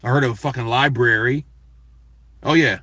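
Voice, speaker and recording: A man's voice: mid-range voice, expressive, normal speed, pushed and bright, no echo. A man hosting a boxing news show, talking in a casual, profane, emphatic rant to his viewers. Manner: profane, emphatic, talks to chat.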